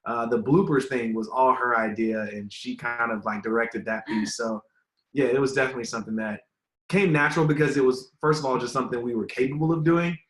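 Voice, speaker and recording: Man, interview guest, earnest, rambling, filler words, middle pitch, echoey room. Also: steady tone, fairly quick. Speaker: relationship content creator, guest. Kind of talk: casual interview answers. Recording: roomy echo.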